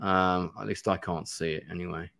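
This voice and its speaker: A man's voice: low voice, little pitch movement, moderate pace, vocal fry, fairly bright tone, dry recording. A man hosting a live stream, reading a gamebook aloud and chatting in a rambling, self-deprecating way. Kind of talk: live-stream play-through narration and chat.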